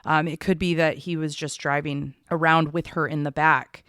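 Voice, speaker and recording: A woman co-hosting a true crime podcast, recounting case details in a measured, conversational way. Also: sits low, flat delivery, fairly bright tone, dry recording, clean studio sound.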